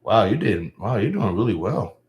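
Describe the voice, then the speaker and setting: A young man chatting casually on a livestream, rambling and halting, often trailing off with sighs. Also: lowish voice, sing-song, darkish tone. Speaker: live streamer.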